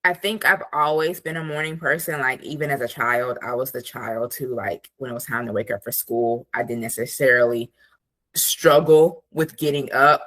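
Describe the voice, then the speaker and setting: A woman coach talks from her home office desk in a low, bright and forceful voice. She chats casually over a video call, scattering "like" through her sentences and acting out quoted thoughts. Her energy stays steady as she gives practical examples. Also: normal speed. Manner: chatty, many "like" fillers, acts out quoted thoughts. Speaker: productivity coach, guest. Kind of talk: casual conversational interview.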